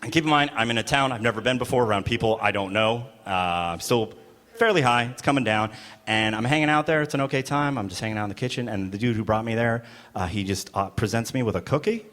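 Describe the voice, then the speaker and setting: A man doing a stand-up comedy set, telling a story with animated delivery, laughing through his lines and acting out voices. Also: mid-range voice, a little fast.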